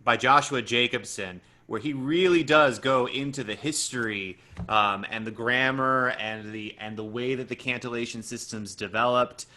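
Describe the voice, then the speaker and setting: A man's voice: medium pitch, normal speed, sharp tone. A man on a video call adding to a text study, starting hesitantly and then explaining with care. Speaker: study group member adding expertise.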